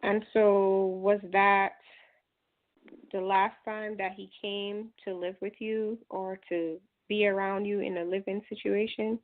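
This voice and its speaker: A woman interviewer asking gentle, probing follow-up questions. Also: medium pitch, flat delivery, takes it slowly. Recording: tinny phone-like sound.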